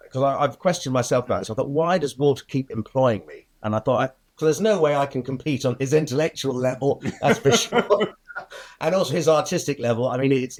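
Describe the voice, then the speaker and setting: An older man, a film editor, telling stories in an interview, laughing often and acting out the people he quotes. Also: mid-range voice. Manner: lively storyteller, acts out quoted voices, laughs often. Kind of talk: anecdotal interview storytelling.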